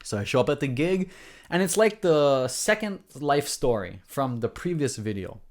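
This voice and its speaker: A man's voice: medium pitch, big pitch swings, moderate pace. A man with a Hawaiian accent telling stories in a casual vlog, earnest and rambling, often restarting and adding asides. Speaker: vlogger.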